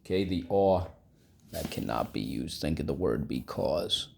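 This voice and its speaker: A man's voice: extremely low pitch, lively intonation, a little slow, gravelly. A male teacher giving a vocabulary lesson to children, prompting the class to repeat words and praising their answers. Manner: call-and-response prompting, upbeat encouraging. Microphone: recorded video lesson.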